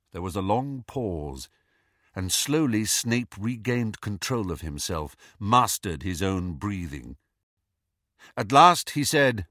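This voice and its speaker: Slow, low-voiced male audiobook narrator. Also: dry recording, studio quality. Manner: even, unhurried storytelling. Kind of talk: scripted narration.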